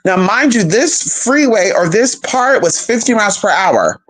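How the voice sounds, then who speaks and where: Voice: medium pitch, measured pace. Profane storytime vlogger, voice swings up and down a lot, chatting to y'all, jumpy. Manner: animated, profane, talks straight to viewers as "y'all" and "girl"; nervous, jumpy asides. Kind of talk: casual storytelling to viewers.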